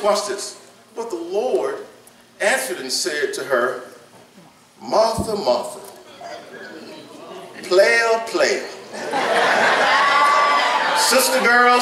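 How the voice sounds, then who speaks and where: A man preaching a sermon in a church sanctuary, repeating phrases and rising to shouts in call-and-response style. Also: high voice. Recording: echoey church room, mic at a distance, congregation audible.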